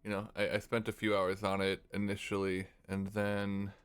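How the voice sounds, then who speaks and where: A man streaming while he composes, thinking aloud in a relaxed way and now and then scatting a melody. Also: fairly low pitch, normal speed, clean tone. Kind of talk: casual livestream talk. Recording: faint music under voice.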